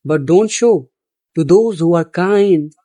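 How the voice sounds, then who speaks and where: A man's voice: sits high, slow, mellow. A man giving a blunt, profane motivational monologue, repeating phrases for emphasis. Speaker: motivational speaker.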